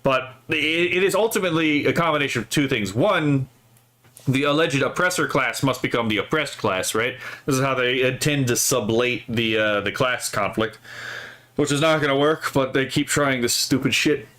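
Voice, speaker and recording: A man's voice: mid-range voice, moderate pace, sharp tone. A man hosting casual political commentary, rambling and profane, checking in with "right?" after his points. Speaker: streamer host.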